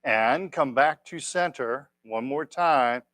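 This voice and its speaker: A man leading a tai chi class, giving calm step-by-step cues and gentle praise on a clip-on mic. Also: medium pitch, slow pace, no room sound. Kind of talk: guided exercise class. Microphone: clip-on microphone.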